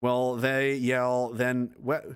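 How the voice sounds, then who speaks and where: A man's voice: medium pitch, completely flat delivery, drawn-out words, clear, resonant tone. A man hosting a casual livestream, reading chat, rambling and profane and laughing often.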